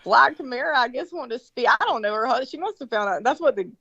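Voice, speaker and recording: A woman telling a story in casual chat, swearing freely and animated, with lots of fillers and restarts. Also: sits high, quick pace, slightly rough, no echo. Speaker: guest recounting a story. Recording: dull lo-fi sound, dry.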